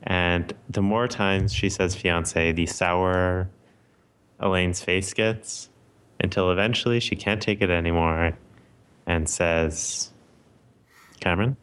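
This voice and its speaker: A man with a low voice recaps a TV episode for a podcast. He talks in an easygoing, hesitant way, full of ums and restarts. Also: fairly even intonation, takes it slowly, long pauses, fairly bright tone, clear, resonant tone. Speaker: podcast co-host. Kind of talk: casual chat, recapping an episode.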